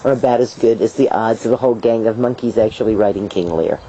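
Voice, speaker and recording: A middle-aged woman herbalist telling stories in an interview, lively and playful, acting out voices and laughing as she talks. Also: a bass voice, fast talker. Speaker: herbalist guest. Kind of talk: storytelling interview answers. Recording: dull lo-fi video sound, faint hiss.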